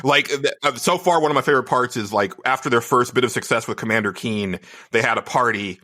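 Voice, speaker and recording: Podcast co-host, man, bright tone, close dry mic, rambling casual talker. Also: mid-range voice, fast talker, dry recording. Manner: rambling, heavy use of "like". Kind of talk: casual chat.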